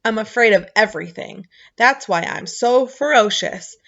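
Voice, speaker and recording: A woman voicing a huge, fearful male jelly giant who talks loudly and can never make a firm statement, in a dull lo-fi recording. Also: fairly high pitch, normal speed, vocal fry. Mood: fretful. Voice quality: loud, wavering, indecisive.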